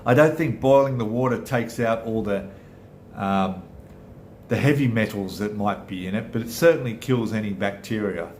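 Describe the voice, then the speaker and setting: A man's voice: fairly low pitch, moderate pace, darkish tone, reverberant, slight background noise. A middle-aged Australian man hosting a casual live chat with viewers, rambling and chatty, often correcting himself mid-sentence. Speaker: channel host.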